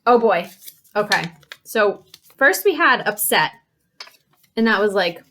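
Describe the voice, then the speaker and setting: A woman teacher reading a picture book to young children, acting out each feeling with gasps, sighs and shouts. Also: medium pitch, expressive, measured pace, pauses often, slight background noise.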